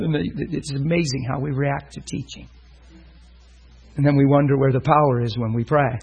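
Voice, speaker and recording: A man's voice: medium pitch, steady tone, moderate pace, gravelly, darkish tone, slightly rough, dull audio. A man preaching a sermon, telling a story and acting out the voices of the people in it. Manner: storytelling, acts out voices in quotes.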